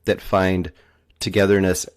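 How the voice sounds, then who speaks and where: A man co-hosting a movie review podcast in casual chat, thoughtful and quick to laugh. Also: deep voice, little pitch movement, clean tone. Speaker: podcast co-host.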